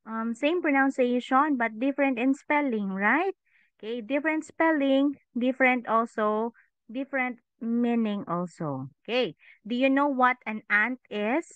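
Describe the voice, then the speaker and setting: A woman's voice: on the high side, measured pace, clean tone, no room sound. A woman English teacher leading an online class for children, patiently asking questions and saying "okay" often. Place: online class over a video call. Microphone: video call microphone. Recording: thin phone-like call audio.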